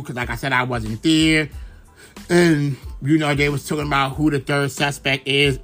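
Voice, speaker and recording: Soft music plays behind a young Brooklyn podcast host as he chats through a casual gossip monologue, swearing and rambling with lots of fillers. He speaks in a mid-range, fairly bright voice at a moderate pace.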